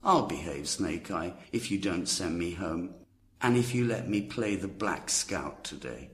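A man's voice: low-pitched, lively intonation, a little slow, a little hiss or hum. A man reading a storybook aloud, voicing a wild, defiant young boy who boasts and threatens. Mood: bargaining.

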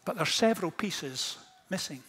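A fairly high-voiced man preaching a storytelling sermon. He drops to near-quiet lines, then rises to stirring, impassioned questions. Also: lively intonation, moderate pace, breathy edge. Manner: storytelling, swings from hushed to impassioned. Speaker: pastor.

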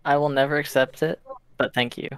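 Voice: mid-range voice, steady tone, a little fast, clear, resonant tone, no echo. Modest guest voice, dry close sound. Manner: modest, brushes off praise, laughing. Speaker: voice actor guest. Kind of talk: casual chat.

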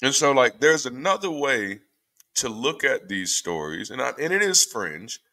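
A man, a former pastor, talking casually through scripture with an animated, irreverent manner and frequent repeated-word restarts. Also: medium pitch, measured pace. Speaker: former pastor leading a Bible study. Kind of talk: casual spoken commentary on scripture readings.

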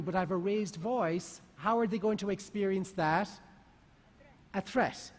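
A man giving a talk to a live audience, asking the listeners lively questions. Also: sits high, measured pace. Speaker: conference speaker. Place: large conference hall. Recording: long hall reverb.

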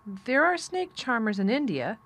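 A woman voices a serious, earnest young girl who speaks plainly and matter-of-factly. She pitches her voice fairly high, above her natural range, with big pitch swings, a moderate pace, and a fairly bright tone.

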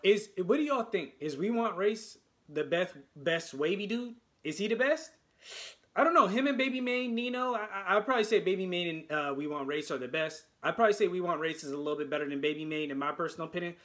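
Male reaction YouTuber from the United States, high voice, excitable and rambling, trips over his words. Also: fast talker, soft background music. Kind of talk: casual reaction commentary.

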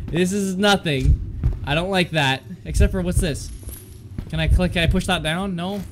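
A man's voice: on the high side, fairly quick, background noise. A man commenting on a horror game he is playing, jumpy and swearing, yelping in fright and joking to his viewers and the game. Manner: jumpy, swears a lot, yelps and panics; jokey self-talk to viewers and the game. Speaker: gaming channel host.

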